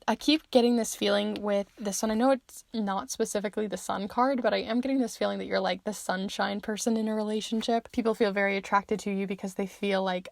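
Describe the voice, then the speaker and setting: A woman's voice: mid-range voice, creaky, dry recording, clean studio sound. A young woman giving a chatty tarot reading, full of fillers, who says she is losing her voice. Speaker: tarot reader.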